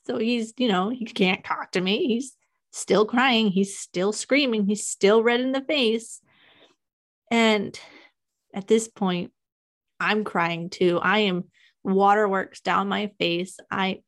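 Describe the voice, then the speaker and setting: Woman telling a raw personal story. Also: medium pitch. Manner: emotional, halting confession. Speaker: podcast host.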